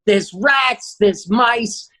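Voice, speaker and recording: A man, a comedian guest, telling a wild story in a punchy, profane, animated way. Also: very high voice, very slow. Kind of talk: comic storytelling.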